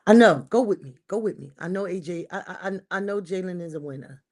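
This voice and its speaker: A woman hosting a livestream, ranting casually to her chat about her football team. She repeats lines for emphasis and swings between shouting and muttering. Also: on the low side, fast. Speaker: livestream host. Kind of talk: casual sports rant to live chat.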